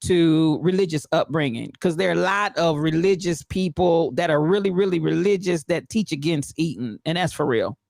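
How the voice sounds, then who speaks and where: A woman co-hosting a casual talk show, lively and emphatic, quick to react. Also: sits low, creaky, dry recording, studio quality. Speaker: co-host. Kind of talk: casual chat.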